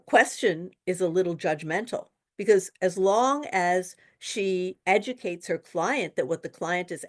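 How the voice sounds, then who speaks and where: A woman tutoring for a real estate exam in a webinar, talking casually and telling lively stories with quoted dialogue. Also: on the low side. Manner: chatty, animated storytelling with quoted dialogue. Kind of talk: webinar lesson with anecdotes.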